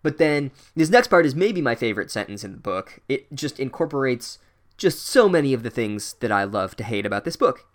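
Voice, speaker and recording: A man's voice: mid-range voice, very animated, brisk. A man giving a casual comedic book recap, sarcastic and full of swearing. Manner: profane, sarcastic.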